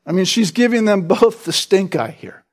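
This sermon comes from a man with a high, expressive voice who preaches emphatically. He keeps tossing a quick "right?" to his listeners and restarts words while driving a point home.

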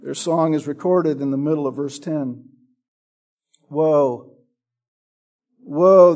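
A man preaching a sermon, teaching from a Bible passage with a slow, emphatic, drawn-out delivery. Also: a little high, a little mellow.

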